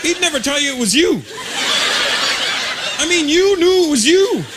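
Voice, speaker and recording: A male stand-up comedian telling a story in an animated way, with sudden loud outbursts. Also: very high voice, moderate pace. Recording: live show with loud audience noise.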